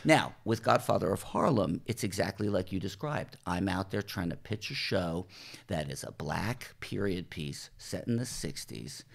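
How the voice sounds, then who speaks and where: A television writer and showrunner from New Jersey, speaking as a podcast guest, tells stories in a low, gravelly, expressive voice at a moderate pace. The interview is casual, and he acts out quoted dialogue along the way.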